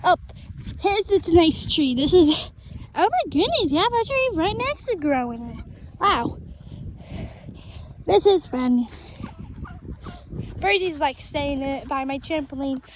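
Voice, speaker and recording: Super high-pitched woman chatting to viewers outside, slow easy talk, bit of wind noise. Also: sing-song, poor audio. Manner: chatty, talks to viewers as guys. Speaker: vlogger. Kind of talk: casual walking vlog. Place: outdoors in a backyard with trees and chickens. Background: faint wind noise.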